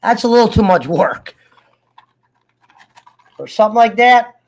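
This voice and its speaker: A man's voice: high-pitched, animated, measured pace. A man with a cough chatting casually to viewers, swearing, joking and laughing between fits of coughing. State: coughing, sick. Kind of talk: casual rambling chat to viewers.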